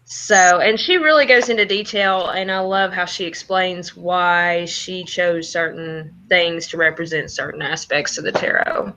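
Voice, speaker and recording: A woman's voice: fairly low pitch, fairly even intonation, unhurried, few pauses, pushed and bright. A woman on as a guest in a casual chat, bubbly and enthusiastic. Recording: dull lo-fi sound.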